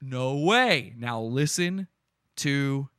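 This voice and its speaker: A man's voice: mid-range voice, expressive, drawn-out words, fairly bright tone, a little hiss or hum. A man hosting a podcast, giving gleeful, mocking live commentary on stream footage and breaking into laughter. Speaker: podcast host.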